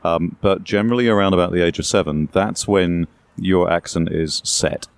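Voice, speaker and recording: A man's voice: low-pitched, fairly even intonation, normal speed, vocal fry. An English man being interviewed, explaining things at length in a conversational way with asides and a bit of hyperbole. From England. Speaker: guest.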